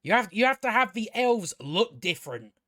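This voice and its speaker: A man's voice: sits high, very animated, moderate pace, pushed and bright, no room sound, clean studio sound. A man giving a rambling, exasperated and profane casual review of a TV show as host of his own channel. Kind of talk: casual spoken review commentary.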